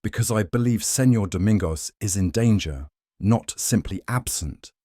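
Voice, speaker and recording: A man voices a slight, watchful priest with a Portuguese accent. He speaks low and carefully, guarding every word, with a deep voice. The sound is dry. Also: animated, normal speed, warm tone, no echo.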